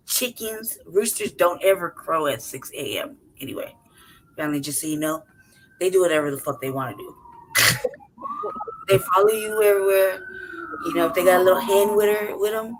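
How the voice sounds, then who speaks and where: A woman's voice: on the low side, a little hiss or hum, poor audio. A woman telling a story in casual, profane chat on a podcast, laughing often and acting out what people said. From city-raised. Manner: profane, animated, laughs often, acts out voices. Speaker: podcast co-host.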